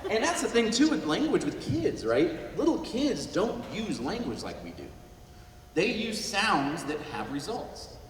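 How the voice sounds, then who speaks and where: Man, higher voice, lively, joking guest speaker, distant echoey hall. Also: slight background noise. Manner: animated, joking, acts out quick voices. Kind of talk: luncheon talk on listening skills. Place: event hall at a luncheon.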